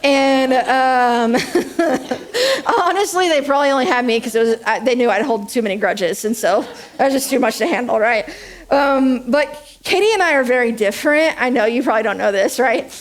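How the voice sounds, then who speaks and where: High-voiced woman giving a chatty sermon. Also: normal speed. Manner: chatty, joking, self-deprecating, asks "okay?" and "right?" often. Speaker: speaker at a church service. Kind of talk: conversational sermon.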